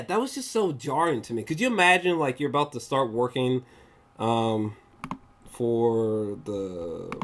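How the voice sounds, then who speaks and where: This time his voice is mid-range, with a little hiss or hum on the recording. Still rambling and swearing freely, he reviews a movie, acting out scenes loudly and pausing to hunt for pictures.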